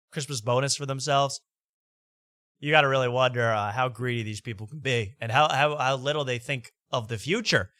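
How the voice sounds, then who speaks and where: A man's voice: medium pitch, pushed and bright, dry recording, studio quality. A man hosting a talk show, ranting sarcastically over clips and repeating himself.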